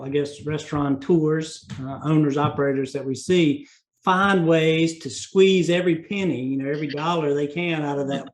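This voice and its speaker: A man's voice: on the high side, a little mellow, low-quality recording. A man with a North Carolina Southern accent hosting a podcast interview, talking in a folksy, meandering way with many fillers. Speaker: podcast host. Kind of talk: casual interview chat.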